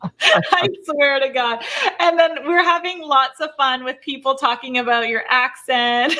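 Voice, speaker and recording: A woman's voice: sits high, measured pace, sharp tone. A woman from Canada hosting a live Q&A, chatty and bubbly, laughing often. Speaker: host. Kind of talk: live Q&A chat.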